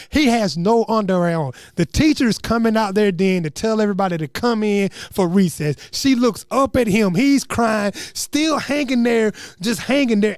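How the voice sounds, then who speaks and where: Young guy, high voice, dry sound, animated slangy storytelling. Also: dry recording. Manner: animated, slangy, acts out quotes. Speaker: comedian storyteller. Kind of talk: comedic storytelling.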